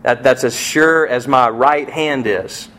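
A middle-aged man preaching a sermon as pastor, telling a family story and acting out the voices in it, with sharp swings from soft to loud. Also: medium pitch, slow. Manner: storytelling with vivid acted-out quotes and swings in loudness.

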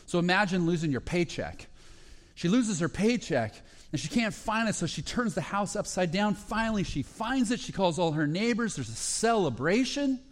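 Storytelling preacher, fairly high voice. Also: male voice, moderate pace. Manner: storytelling preacher, retelling parables with rising excitement; speaks in short phrases with frequent fillers and restarts. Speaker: pastor. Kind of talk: sermon.

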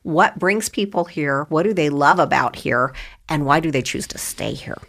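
A woman's voice: sits low, expressive, normal speed, creaky, fairly bright tone. A middle-aged woman from Idaho hosting a casual interview, asking musing questions with small hesitations. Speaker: interviewer, show host.

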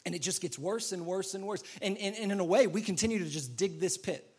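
A man's voice: high-pitched, quick pace, darkish tone, husky. A man preaching a sermon in an earnest, repetitive way, now and then acting out pleading voices. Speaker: pastor.

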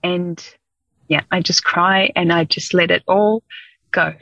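A woman's voice: on the low side, fairly even intonation, takes it slowly, gravelly, sharp tone, no room sound, muffled recording. A woman in her thirties or forties telling a personal story, candid and emotional, hesitating with ums. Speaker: guest.

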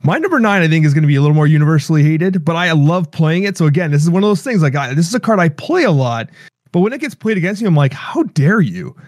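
A man co-hosting a casual podcast, who rants in a playful, mock-exasperated way. His voice sits slightly high for a man. The sound is dry and close to the mic. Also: lively intonation, racing, no room sound. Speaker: podcast co-host.

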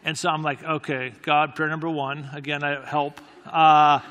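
Guy telling a self-deprecating story, stops and restarts a lot, bright voice, long hall echo. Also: on the high side, little pitch movement, normal speed, clean tone, muffled recording. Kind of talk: anecdotal storytelling talk.

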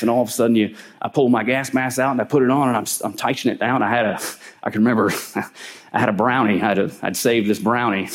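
A middle-aged man preaching a sermon in a storytelling way, often clearing his throat and lifting his voice when he acts out what people said. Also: medium pitch.

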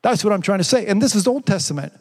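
A man's voice: high voice, expressive, quick pace, darkish tone, husky, in a large hall. A man preaching a sermon as pastor, calling out to the congregation and asking rhetorical questions. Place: church.

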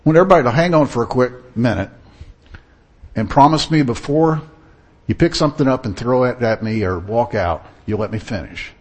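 A man's voice: mid-range voice, brisk, darkish tone, husky. A man preaching a sermon in an earnest, storytelling manner. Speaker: pastor.

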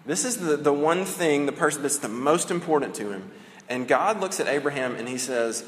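A man's voice: on the high side, expressive, a little hiss or hum. Conversational preacher man in an echoing hall. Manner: conversational, leaning on "right?" tags; slows down to stress key phrases. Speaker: pastor. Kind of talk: sermon. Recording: long hall reverb with faint ambience.

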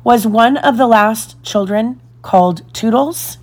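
A woman's voice: a little high, slow pace, pitched above the performer's own voice. A woman voicing an eager, chirpy young lost boy in a storybook reading. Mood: excited. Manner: excited, chirpy.

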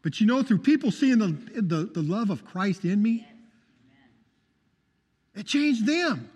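A man with a notably high voice preaches his testimony with fervor and keeps calling out for amens. The sound carries a long reverb, as if from a church hall. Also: expressive, slow pace, a little mellow, breathy edge. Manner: fervent, calls out for amens. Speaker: testimony speaker.

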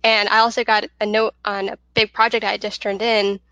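A woman's voice: medium pitch, flat delivery, sharp tone, dry recording, muffled recording. A woman co-host chatting casually, sharing a school memory with lots of "like". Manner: fast, chatty, filler-heavy with "like". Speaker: podcast co-host. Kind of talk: casual chat.

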